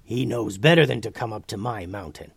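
A man reading as a gruff gray dragon. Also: on the low side, a little fast, no room sound. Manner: growling, blunt. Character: gruff gray male dragon, blunt and dry. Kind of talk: storybook reading.

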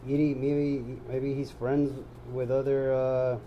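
A man co-hosting a casual podcast chat, rambling through excited, profane speculation. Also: mid-range voice, slow, highs cut off, faint music behind. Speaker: podcast co-host.

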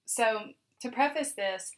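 A woman's voice: a little high, slow, slight background noise. Chatty woman co-hosting a podcast. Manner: animated storytelling, laughs often. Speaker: podcast co-host. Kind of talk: casual chat.

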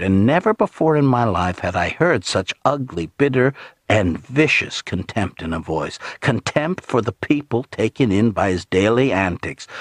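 A man with a husky voice, narrating an audiobook in a low, grave, hushed tone. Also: no room sound, studio quality.

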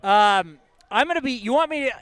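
Excitable bright-voiced man in his fifties. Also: very high voice, a little fast, clear, resonant tone, no room sound. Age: 50s. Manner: excitable, storytelling, self-mocking. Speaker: sports radio host. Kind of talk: casual sports talk.

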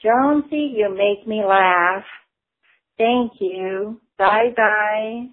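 A woman from Florida leaving a wry, deadpan voicemail for a podcast host. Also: medium pitch, extremely slow. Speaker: caller. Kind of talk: voicemail message. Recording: tinny phone line.

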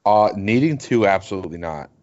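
A man's voice: on the low side, animated, fairly quick, a little mellow, highs cut off. A man co-hosting a casual sports podcast, talking in a rambling, hesitant way with many fillers. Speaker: podcast co-host.

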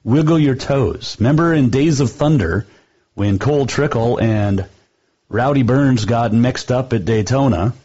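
Male sports talk host, rambling casual monologue, slightly low and husky, dull lo-fi sound. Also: measured pace, warm tone. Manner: chatty, rambling, fond of trivia.

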